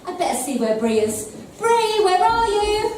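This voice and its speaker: An actress playing a bookish young heroine with dry teasing asides, heard from far back in an echoey theatre. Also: female voice, extremely high pitch, sing-song, moderate pace, background noise. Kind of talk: pantomime stage acting.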